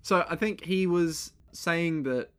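A man's voice: on the high side, slow pace, fairly bright tone, clean tone. A man chatting casually as a podcast co-host, recapping an anime episode and acting out scenes in silly voices.

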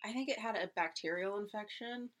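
A woman's voice: mid-range voice, a little fast. A woman co-hosting a casual podcast chat, telling a story animatedly with lots of "like" fillers and acted-out quotes. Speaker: podcast co-host.

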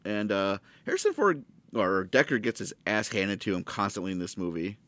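A man with a fairly low voice chats about a movie in a loose, joking way. He rambles through his descriptions. The sound is dry and close. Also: very animated, moderate pace, fairly bright tone, no room sound. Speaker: podcast co-host. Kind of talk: casual movie discussion chat.

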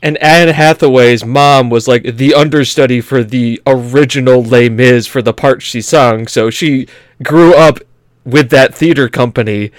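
A man's voice: mid-range voice, steady tone, a little slow, no room sound. A man co-hosting a gaming podcast in casual chat, rambling and laughing as he talks. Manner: rambling, laughing, puts on silly accents. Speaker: podcast co-host.

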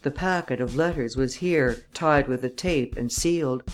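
A woman narrating an audiobook in a steady, measured way. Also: very deep voice, soft background music.

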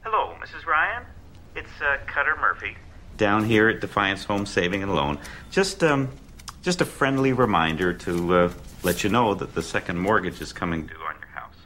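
An actor playing a hesitant small-town 1950s bank clerk who halts and fumbles. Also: male voice, fairly low pitch, big pitch swings, sharp tone, slight background noise. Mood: awkward. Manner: hesitant, halting with fillers. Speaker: film character.

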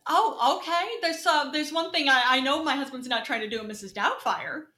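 A woman's voice: high-pitched, brisk, pushed and bright. A woman hosting a comedy talk show, prompting her guests with questions and laughing often. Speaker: host.

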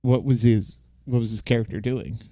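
A man's voice: mid-range voice, steady tone, normal speed, warm tone, no room sound, dull audio. A man co-hosting a podcast in casual chat, jokey and playful, slipping into silly accents. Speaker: podcast co-host.

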